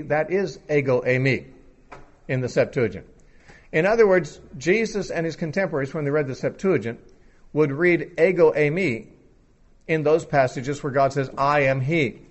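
A man's voice: fairly high pitch, dull audio. A man explaining a Bible passage in an unscripted teaching talk, thinking aloud with occasional fillers.

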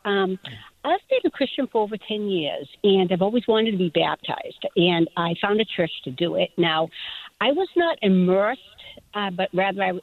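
A woman with a Boston accent calling into a radio show, asking her question in a hesitant, halting way. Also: medium pitch, no room sound. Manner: hesitant, halting, many fillers. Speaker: caller. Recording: tinny phone line.

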